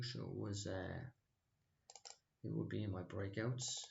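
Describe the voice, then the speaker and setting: Low gravelly guy rambling thru his trades, flat voice, muffled echoey room. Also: unhurried, slight background noise. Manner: rambling, hesitant, lots of fillers and restarts. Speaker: stock trading channel host. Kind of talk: casual screen-share trading recap.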